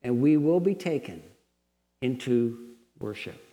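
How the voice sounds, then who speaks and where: A man's voice: medium pitch, animated, takes it slowly, dark tone, long reverb tail. A man preaching a sermon at a Bible college in an earnest, lecturing tone that rises into passionate pleading.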